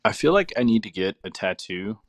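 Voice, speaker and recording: A man's voice: fairly low pitch, fairly quick, a little hiss or hum. A man co-hosting a live painting stream, easygoing and joking, sounding tired. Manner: easygoing, joking, relaxed drawl. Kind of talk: casual live-stream chat.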